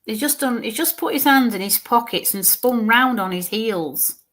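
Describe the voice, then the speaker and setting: Her voice a little high, bright, and expressive, a woman conducts a live mediumship reading. She speaks haltingly and repeats words while describing her visions, occasionally dropping to a murmur.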